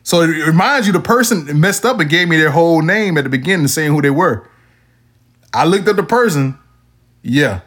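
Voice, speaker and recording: A male podcast host with a slightly high voice chats casually about his day. He tells his stories with lots of animation, acting out the messages he quotes in exaggerated tones. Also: lively intonation, moderate pace, fairly bright tone. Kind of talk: casual chat.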